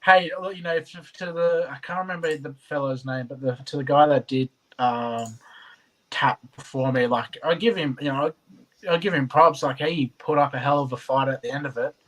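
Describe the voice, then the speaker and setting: A man's voice: a little high, normal speed, a bit bright, poor audio. A young man in his twenties, a guest talking in an easygoing, modest way over a video call. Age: 20s. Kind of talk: casual chat.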